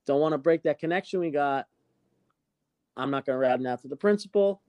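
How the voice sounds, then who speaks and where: A man's voice: a little high, fairly quick, no room sound, muffled recording. A young man hosting a podcast, telling a story in casual chat, swearing a lot. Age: young adult. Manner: profane, animated storytelling. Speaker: podcast host.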